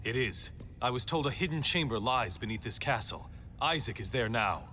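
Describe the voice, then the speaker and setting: An actor playing a grim male hero bent on vengeance in a video game dub, speaking in a solemn, measured way. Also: mid-range voice, lively intonation, sharp tone, a little hiss or hum.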